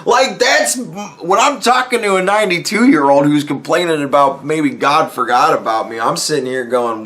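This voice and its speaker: A man's voice: a little high, animated, normal speed, a bit bright. A young man hosting a podcast, talking in a rambling, profane, casual monologue and laughing as he tells stories. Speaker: podcast host.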